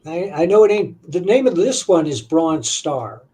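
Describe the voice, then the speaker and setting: A man's voice: fairly high pitch, expressive, unhurried, dark tone, husky. An older man, a comic book writer, chatting easily as a guest on a live stream. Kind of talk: casual live-stream interview.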